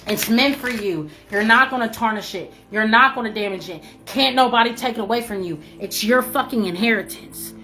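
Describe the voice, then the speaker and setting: Woman, higher voice, spiritual pep talk, swears a lot, repeats herself, faint music behind. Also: moderate pace, a bit bright. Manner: emphatic, repetitive, swears freely, calls listener baby. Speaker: spiritual reader. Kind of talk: motivational spiritual message to viewers.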